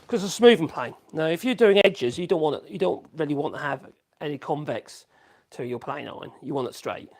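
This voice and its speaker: A man's voice: on the high side, animated, a little fast, darkish tone. A man chatting casually on a woodworking live stream, rambling, correcting himself and humming between thoughts. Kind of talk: casual live-stream chat while working.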